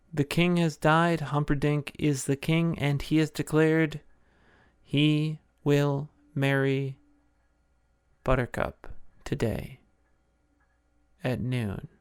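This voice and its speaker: A man's voice: fairly high pitch, fairly even intonation, slow, long pauses, clean tone, dry recording, clean studio sound. A man hosting a podcast, giving a playful, jokey casual recap of a film. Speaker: podcast host.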